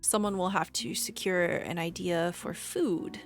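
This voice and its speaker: A woman running a tabletop game as game master, narrating in a calm, measured way. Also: lowish voice, faint music behind.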